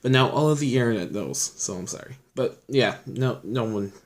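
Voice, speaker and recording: A man's voice: mid-range voice, expressive, normal speed. Rambling young man, casual vlog chat. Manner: rambling, filler-heavy, chatty storytelling. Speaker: vlogger. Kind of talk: casual chat showing his collection.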